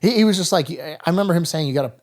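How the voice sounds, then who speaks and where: A man in his thirties, a military veteran appearing as a guest on an interview podcast, tells stories in a candid, rambling, casual way. His voice is a little high, expressive and rapid-fire, and he keeps dropping "brother" and "dude."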